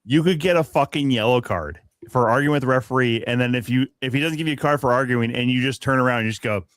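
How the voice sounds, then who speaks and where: A man's voice: mid-range voice, fast, hardly any pauses, a bit bright, dry recording. Man, podcast co-host, rants and swears freely, laughs a lot, dry mic. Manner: profane, ranting, laughs often. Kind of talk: casual sports chat.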